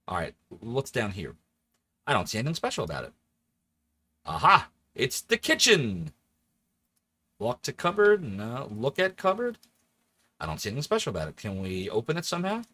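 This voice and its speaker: A man in his forties from the Philadelphia area, chatting animatedly and laughing often while streaming a game. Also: on the low side. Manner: animated, chatty, laughs often, jumps between joking voices. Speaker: livestreamer. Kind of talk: casual let's-play chat.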